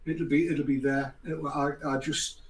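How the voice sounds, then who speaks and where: A man's voice: a little high, steady tone, unhurried. An older man hosting a casual chat, rambling and sarcastic, with mock apologies. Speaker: host. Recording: echoey room, faint background noise.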